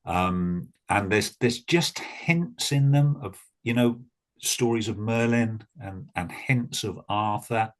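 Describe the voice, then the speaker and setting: A man's voice: fairly low pitch, slow pace. Welsh man chatting as a podcast guest. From Wales. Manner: relaxed, repeats words while thinking. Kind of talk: casual chat.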